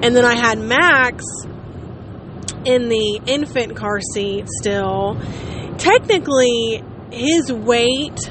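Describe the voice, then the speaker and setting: A woman's voice: fairly high pitch, slow pace, long pauses, background noise. A woman in her late thirties chatting casually to her viewers, rambling and poking fun at herself. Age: late 30s. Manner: chatty, rambling, self-mocking. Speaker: vlogger. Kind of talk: casual chat.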